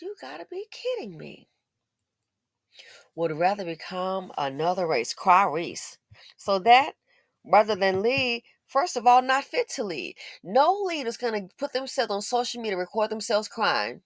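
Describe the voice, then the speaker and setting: This is a woman hosting her own opinion commentary, mid-pitched and talking straight into the mic. She sounds blunt and scolding with a sarcastic bite, in a dry room with no echo. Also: sing-song, a little slow. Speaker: commentary channel host.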